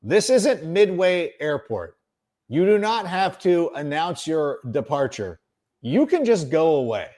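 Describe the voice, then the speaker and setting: A middle-aged man hosts a sports podcast in an exasperated, sarcastic monologue. His fairly high voice leaps around with lively swings in pitch, and he leans hard on his words for emphasis. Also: a little slow. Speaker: podcast host. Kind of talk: ranting sports commentary.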